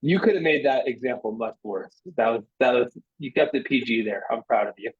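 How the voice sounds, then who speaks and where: A man's voice: mid-range voice, a little fast, slightly rough, dry recording. A man co-presenting a webinar, teasing the host in a dry way. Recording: dry, tinny phone-like line.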